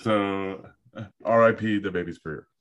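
Lower-voiced man hosting a casual chat. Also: moderate pace, a bit bright. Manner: loose and profane, reads out news items. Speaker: podcast host.

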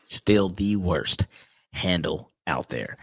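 A man's voice: low-pitched, lively intonation, takes it slowly, a bit bright, husky, no echo. A man co-hosting a casual sports podcast from home, teasing his partner and laughing often. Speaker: podcast co-host. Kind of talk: casual chat.

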